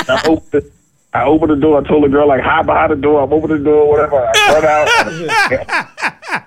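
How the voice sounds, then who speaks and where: A middle-aged man telling a story in casual talk, cocky and animated, jumping into high squeaky voices for the people in it. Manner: cocky, self-mocking. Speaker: interview guest. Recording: phone-like narrow sound.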